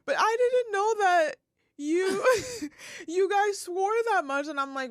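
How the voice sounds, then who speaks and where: Young woman podcast sidekick, lively high voice, quick interjections. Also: no echo, clean studio sound. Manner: chimes in with quick reactions and laughs. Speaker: podcast co-host. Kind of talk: casual chat.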